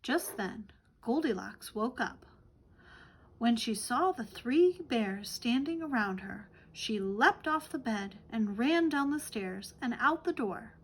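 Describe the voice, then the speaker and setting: Woman storyteller for kids, slow, higher-pitched, gentle picture-book reading. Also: lively intonation, slightly rough. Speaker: children's storyteller.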